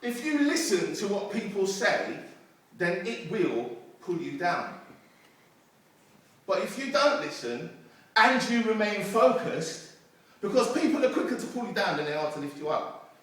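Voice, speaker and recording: In a youth centre hall, a motivational speaker tells young people stories, animatedly acting out the crowd's voices. His voice sits high and he speaks unhurriedly. A distant mic picks him up in an echoey room.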